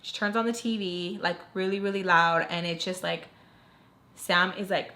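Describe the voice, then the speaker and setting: A woman's voice: fairly low pitch, steady tone, normal speed, bright, forceful tone. A young woman vlogger telling a personal story in a casual, chatty way, full of "like" and acted-out quotes, while doing her makeup. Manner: chatty, heavy use of "like", acts out quoted lines.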